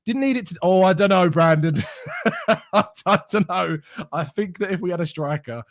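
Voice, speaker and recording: Brief: young male stream host, giddy, mocking, quick to laugh, a touch high, dry close mic. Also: animated, no room sound. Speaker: fan channel host reading live chat. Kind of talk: excited live stream chat.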